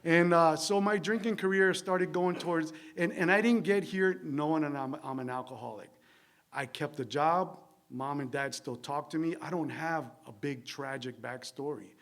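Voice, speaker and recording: In a church meeting room, a New Jersey man speaks candidly about his recovery, his voice slightly high and fairly bright at a moderate pace. It's a conversational share at a recovery meeting, meandering with fillers and tag questions and laced with wry, self-deprecating humor.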